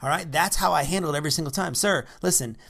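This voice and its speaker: A man giving an unscripted coaching talk into a microphone, energetic and repetitive, often checking in with "all right?". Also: on the high side, rapid-fire, gravelly. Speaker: real estate investing coach. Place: by the ocean.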